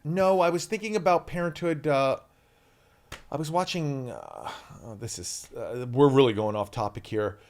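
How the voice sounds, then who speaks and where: A chatty man in his fifties, a visiting actor on a podcast. He rambles through his stories with lots of animated energy. His voice sits at an ordinary middle pitch for a man. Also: normal speed. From US East Coast. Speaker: guest, actor. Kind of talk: casual podcast chat.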